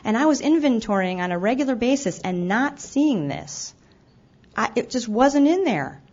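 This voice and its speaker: Very animated and moving at a moderate pace, a woman with a high-leaning, slightly mellow voice gives a personal testimony about her recovery. She acts out her own past remarks, stays candid and self-deprecating, and stumbles over restarts now and then. The event recording sounds dull and lo-fi.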